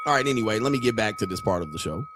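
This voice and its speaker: A man hosting a commentary channel, telling jokey stories in a loud, profane, animated way. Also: fairly low pitch, racing, background noise. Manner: profane, joking, animated storytelling. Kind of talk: casual commentary.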